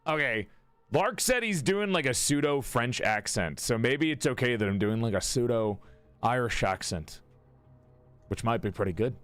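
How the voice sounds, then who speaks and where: A casual streamer, a man with an animated, swinging voice who rambles, swears and laughs along with chat. He stumbles and restarts his sentences freely, while soft soundtrack music plays quietly behind him. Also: medium pitch, normal speed, smooth, no echo. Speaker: streamer and game player. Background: faint game soundtrack music.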